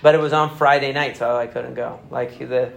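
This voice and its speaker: A man's voice: mid-range voice, steady tone, moderate pace, creaky, echoey room. A young man casually explaining psychology in a chatty, rambling way full of fillers.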